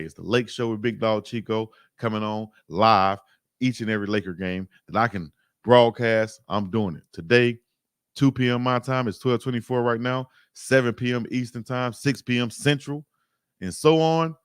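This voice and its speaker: Man in his forties, casual slangy sports stream host, emphatic and repetitive, middle-pitched voice, dry close mic. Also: moderate pace, clear, resonant tone, no room sound. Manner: animated, emphatic, repeats phrases, slangy. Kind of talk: casual livestream commentary.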